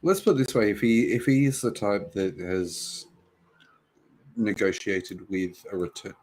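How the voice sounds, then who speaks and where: A man's voice: fairly low pitch, unhurried, a little mellow, low-quality recording. A man co-hosting a casual wrestling post-show chat, emphatic, swearing freely and repeating his points. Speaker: co-host.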